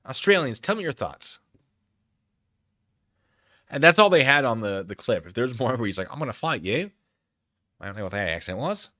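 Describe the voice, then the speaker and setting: A man's voice: medium pitch, expressive, moderate pace, pauses often, sharp tone, no room sound, studio quality. A man hosting a casual livestream, reacting with sarcastic commentary and frequent laughter. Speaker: streamer.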